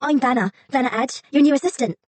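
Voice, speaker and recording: A woman's voice: on the high side, fast, breathy edge, no room sound, pitched above the performer's own voice. A woman voicing an overjoyed, tiny young woman in her late teens who gushes in a sing-song way. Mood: excited. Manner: excitable, gushing, sing-song.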